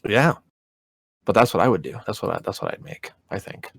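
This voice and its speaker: A man's voice: on the low side, big pitch swings, brisk, no echo. A young man co-hosting a podcast, rambling through stories with plenty of swearing. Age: young adult. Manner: rambling, profane storytelling. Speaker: podcast co-host. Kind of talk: casual chat.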